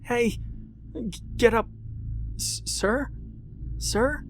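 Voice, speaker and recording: Man doing a terrified young woman in a car, much higher voice, panicked, pleading, storybook horror. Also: very slow, faint music behind.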